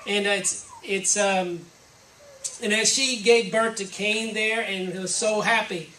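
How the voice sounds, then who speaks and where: A woman's voice: medium pitch, slow, a bit bright, a little hiss or hum. Woman preaching in an echoey hall. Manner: conversational, reflective, listing examples one by one. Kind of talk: sermon. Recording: roomy echo from a distant mic, faint ambience.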